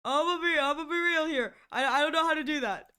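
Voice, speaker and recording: A woman live-streaming, chatting casually to her viewers with excitable exclamations and frequent giggles. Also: sits high, fast talker.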